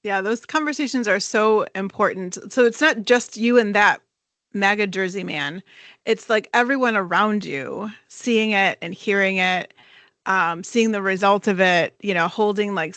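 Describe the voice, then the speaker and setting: A woman's voice: mid-range voice, unhurried, fairly bright tone, dry recording. A woman co-hosting a podcast, earnestly thinking aloud in casual conversation. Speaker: podcast co-host.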